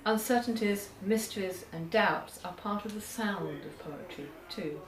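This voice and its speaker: A woman giving an academic lecture on poetry, measured, reading poems aloud slowly, recorded from a distance in a lecture hall. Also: lowish voice, crowd noise. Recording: echoey hall, far from the mic, audience.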